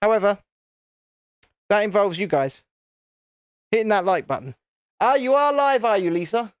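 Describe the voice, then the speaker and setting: A man's voice: high-pitched, expressive, moderate pace, clean tone, dry recording. A British man hosting a casual live stream, chatting to viewers in a self-deprecating way.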